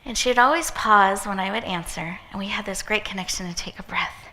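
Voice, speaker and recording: A woman hosting an event, giving an inspirational talk with a gentle, encouraging guided visualization. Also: mid-range voice, brisk. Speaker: event host and speaker. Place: event hall with live audience. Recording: echoey hall reverb.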